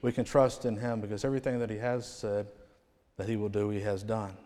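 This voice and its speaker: A man preaching a revival sermon in a church, rising to loud proclamations and falling to near-quiet phrase endings. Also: fairly low pitch, little pitch movement, fairly quick. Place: church sanctuary. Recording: long hall reverb.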